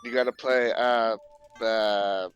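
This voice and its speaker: A man's voice: on the low side, steady tone, slow, muffled recording, soft background music. A man chatting during a game with friends, easygoing and rambling, often repeating himself mid-sentence. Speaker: friend playing along on stream. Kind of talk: casual gaming banter.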